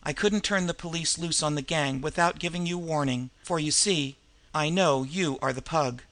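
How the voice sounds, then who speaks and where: A man's voice: on the high side, normal speed, fairly bright tone, natural voice. A man reading the part of a resolute young woman who speaks hurriedly and breathlessly, giving tense orders. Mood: steady.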